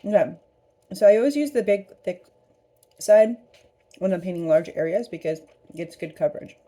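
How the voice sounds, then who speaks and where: A woman's voice: on the low side, normal speed, warm tone. A woman hosting a casual craft painting tutorial, chatty and upbeat as she works. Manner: chatty, upbeat, talks while eating. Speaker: craft studio host.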